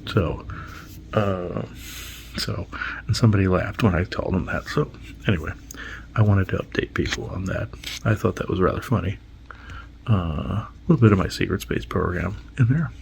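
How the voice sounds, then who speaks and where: A man's voice: deep voice, normal speed, vocal fry, long pauses, darkish tone, a little hiss or hum, low-quality recording. A man hosting his own show, telling his dreams in a rambling, casual monologue with half-whispered asides. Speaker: podcast host.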